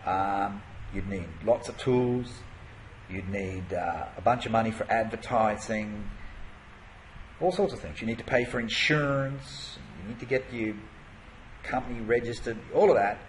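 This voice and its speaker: A man's voice: fairly low pitch, unhurried, a little hiss or hum, poor audio. A man teaching an online marketing course in a conversational way, full of rhetorical questions and fillers. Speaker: internet marketing coach.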